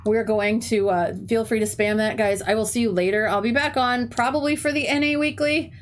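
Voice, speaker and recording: A young woman with a voice on the high side talks fairly quickly in a casual stream chat. As a teacher and game streamer, she spins chatty stories heavy on "like" and swearing, all with a stuffy, runny nose.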